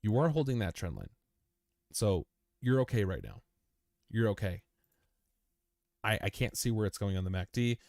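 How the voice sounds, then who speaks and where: A man's voice: on the low side, sing-song, normal speed, long pauses, a little mellow, no echo, studio quality. A young man hosting a live stream, talking casually through price charts and repeating phrases, calling listeners "man" and "dude". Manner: chatty, repeats phrases, addresses the chart as "you"; says "man", "dude" and "bro". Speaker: crypto chart analysis livestream host.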